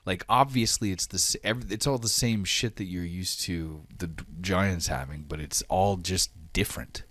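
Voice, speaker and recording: A man's voice: low-pitched, moderate pace, fairly bright tone, no room sound. A man narrating as game master of a tabletop game, in loose, filler-heavy speech.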